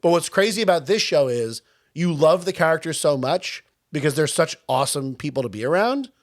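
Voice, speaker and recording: A man's voice: fairly high pitch, brisk. A young man from Long Island, co-hosting a casual podcast and chatting with lots of fillers. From Long Island, New York. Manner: animated, chatty, with many fillers. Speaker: podcast co-host. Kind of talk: casual chat.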